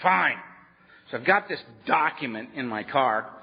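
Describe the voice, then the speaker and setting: A man sharing his own story at a workshop, animated and wry, often laughing as he talks. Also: mid-range voice, unhurried. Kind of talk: personal storytelling talk to a live audience. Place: meeting hall at a workshop. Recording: dull lo-fi with long hall echo.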